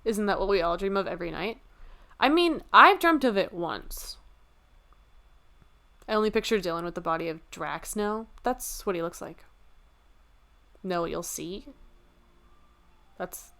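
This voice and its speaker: A woman's voice: lowish voice, lively intonation, moderate pace, creaky, long pauses, pushed and bright. A woman streamer chatting casually and joking at her own expense while she draws. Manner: joking, self-deprecating. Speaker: livestreamer.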